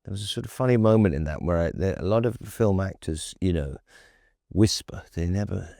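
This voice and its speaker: A man being interviewed as a guest, reflective and halting, telling anecdotes. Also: deep voice, lively intonation, gravelly, mellow, no room sound, clean studio sound. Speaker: actor and composer guest. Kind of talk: interview conversation.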